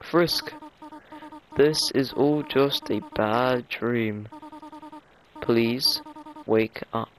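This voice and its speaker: A man voicing a gentle, tearful young male goat monster from a video game, in a soft, halting, choked-up voice. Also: mid-range voice, rough recording. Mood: pleading. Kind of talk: voicing game dialogue aloud. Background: game music.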